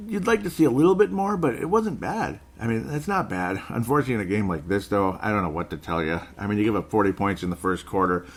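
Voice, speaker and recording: A man's voice: fairly low pitch, expressive, quick pace, hardly any pauses, breathy edge. A man in his forties hosting a basketball show, ranting sarcastically about a game in casual commentary. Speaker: basketball podcast host.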